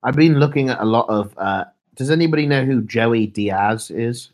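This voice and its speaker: A man's voice: medium pitch, moderate pace, darkish tone. Laid-back young male streamer. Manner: laid-back, mumbling, reads chat aloud. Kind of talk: casual live-stream chat.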